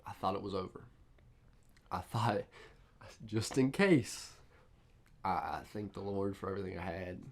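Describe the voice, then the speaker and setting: A young man co-hosting a relaxed podcast with friends. His voice sits a bit low, and he tells stories with plenty of hype and sudden energy. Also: measured pace, long pauses. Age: young adult. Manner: excitable storyteller, lively and hype-driven. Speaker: podcast co-host. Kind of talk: casual podcast chat.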